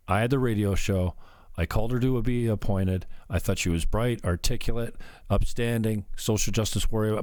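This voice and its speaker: A male host ranting off the cuff, with profanity and a rambling flow. His pitch rises and falls widely, from low mutters to sudden higher bursts. The sound is close and dry. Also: no echo. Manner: profane, rambling, swings between muttering and loud outbursts. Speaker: show host. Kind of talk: unscripted ranting monologue.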